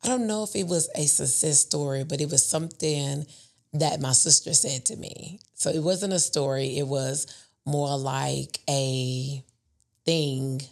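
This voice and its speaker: Woman guest, low voice with fry, earnest and chatty. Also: unhurried, darkish tone. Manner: earnest, laughs often. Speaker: guest, event business owner. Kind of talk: casual interview chat.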